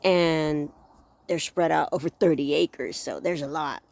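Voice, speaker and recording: A woman's voice: low voice, measured pace, creaky, a little mellow. A woman vlogging from a rural campsite, telling stories animatedly with gasps and exclamations. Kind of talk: casual vlog chat.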